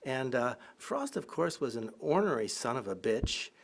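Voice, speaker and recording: Lively, irreverent male lecturer. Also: mid-range voice, normal speed, vocal fry, a little hiss or hum. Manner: anecdotal, often laughing. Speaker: college professor. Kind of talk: humorous public lecture.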